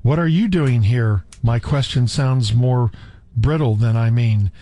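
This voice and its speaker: A man's voice: medium pitch, unhurried, mellow. An older man gives a comic dramatic reading in a mock-prim, scandalized voice, often breaking into chuckles. The sound is dry and close, with no room echo. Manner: reads in a mock-prim, scandalized tone, slipping into laughter. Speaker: guest reading a novel aloud.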